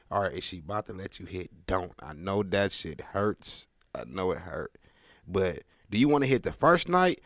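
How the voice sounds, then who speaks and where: Loud animated man doing stand-up. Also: lowish voice, vocal fry, no echo. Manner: loud, animated, slangy street talk with crowd asides. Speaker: stand-up comedian. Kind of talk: stand-up comedy set.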